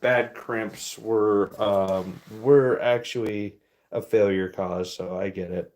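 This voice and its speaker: This livestream host has a fairly low, darkish voice with fairly even intonation. Relaxed and slow, he talks to chat and reads their comments as he works at his furnace.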